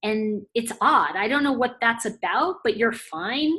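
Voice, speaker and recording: A middle-aged woman casually telling a story to camera, chatty and animated, acting out the quoted dialogue. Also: a little high, a little slow. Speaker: intuitive reader and video host.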